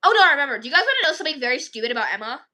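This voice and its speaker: A woman talks casually to her livestream viewers, wandering from one thought to the next. Her voice sits a little high and sounds very bright and sharp. She sounds tired but still eager to chat, with sighs between thoughts. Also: sing-song, rapid-fire. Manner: rambling, chatty, tired, sighing.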